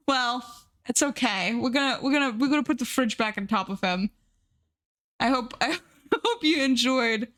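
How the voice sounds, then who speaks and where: A woman streaming live and chatting casually with her viewers, repeating herself and gushing in high squeals. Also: normal speed, fairly bright tone.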